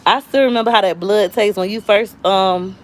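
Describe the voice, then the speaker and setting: A woman's voice: mid-range voice, fairly even intonation, normal speed. A woman, chatting casually with viewers at home with her family, slangy and rambling, a little out of breath. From Florida, US. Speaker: YouTube cooking vlogger.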